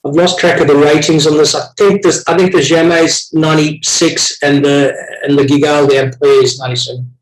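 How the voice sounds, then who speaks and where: A man's voice: a little high, fairly even intonation, fairly quick, hardly any pauses, roomy sound, rough recording. A man with a South African accent hosting a casual online wine tasting, enthusiastic and chatty, often restarting his sentences.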